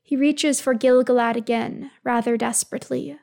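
A woman calmly reading fan fiction aloud, telling the story in an even voice. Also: fairly high pitch, moderate pace, gravelly. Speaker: reader.

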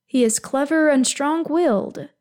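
A woman voicing a stern but caring older male elf lord, speaking formally and with measured firmness. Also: high-pitched, a little mellow, voice pushed up. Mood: firm, stern. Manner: measured, formal, firm then soothing.

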